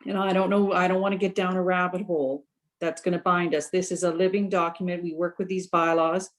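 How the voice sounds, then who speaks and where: A woman's voice: on the low side, level tone, brisk, rough recording. A woman town councillor arguing her point firmly in a council meeting over a video call. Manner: firm, argumentative.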